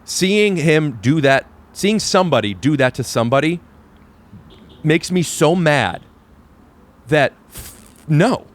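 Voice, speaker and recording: A male podcast host talking in halting, earnest bursts on an outdoor balcony. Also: fairly high pitch, animated. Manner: halting, self-interrupting, earnest. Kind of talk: casual chat.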